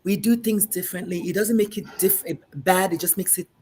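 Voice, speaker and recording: A middle-aged woman from Nigeria, a physician and guest, telling stories in a lively conversational way and acting out the voices of people she quotes. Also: lowish voice, a little fast, breathy edge. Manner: animated storyteller, acts out quoted voices. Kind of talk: conversational discussion.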